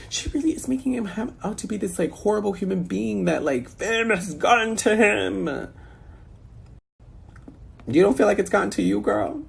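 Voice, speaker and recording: A man's voice: high-pitched, lively intonation, normal speed, creaky, slight background noise. A man giving sassy, exasperated commentary in a casual reaction chat over a video call.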